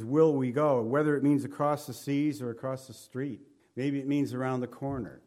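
A man's voice: mid-range voice, a little mellow. A man preaching a sermon to his congregation. He reads scripture in old-fashioned wording and breaks into casual, emphatic asides. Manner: emphatic preaching with King James scripture readings. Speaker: pastor.

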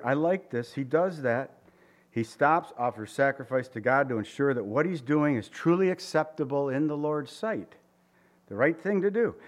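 A man preaching a conversational sermon, asking his listeners questions and voicing quotes. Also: fairly high pitch. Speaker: pastor.

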